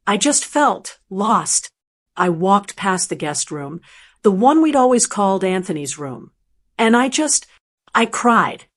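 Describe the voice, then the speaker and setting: A woman narrating a dramatic first-person story in an emotional, halting way, often repeating words as she goes. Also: medium pitch.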